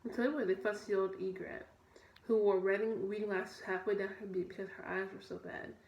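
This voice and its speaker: A woman's voice: mid-range voice, fairly even intonation, fairly quick, a little mellow. A young woman reading a children's story aloud, often stumbling and correcting herself. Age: young adult. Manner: stumbling, self-correcting read. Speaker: student reader. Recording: echoey room, faint noise.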